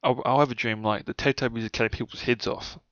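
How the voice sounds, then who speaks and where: A young vlogger with a New Zealand accent tells childhood stories to camera, rambling, swearing often and trailing off. His mid-range voice is a bit bright, with fairly even intonation and a quick pace. The lo-fi recording sounds dull and dry, without echo.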